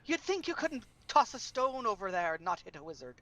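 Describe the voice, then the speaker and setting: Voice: medium pitch, big pitch swings, brisk, pushed and bright, no room sound. A player voicing a dry-witted male halfling adventurer, talking wryly, from far off the mic. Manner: wry, dry humor.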